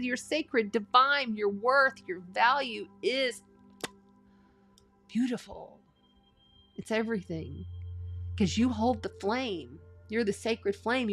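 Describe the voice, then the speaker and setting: A woman doing a live tarot reading in a casual, earnest way, offering spiritual encouragement and slowly reading card meanings aloud. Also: a little high, fairly bright tone. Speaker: astrology and tarot reader.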